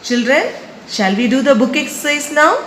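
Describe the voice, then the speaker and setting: A woman teaching a primary school class, reading slowly from a textbook and spelling words out letter by letter for the children to underline. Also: high voice, expressive, a bit bright, a little hiss or hum, poor audio. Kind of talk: slow dictated classroom lesson.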